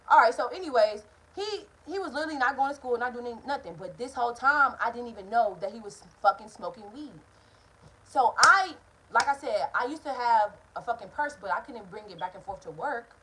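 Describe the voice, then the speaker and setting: A young woman vlogger telling a storytime tale to her viewers in a casual, animated, profane way, speaking straight to them. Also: a little high, brisk, slight background noise, rough recording. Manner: acts out quoted people in changed voices.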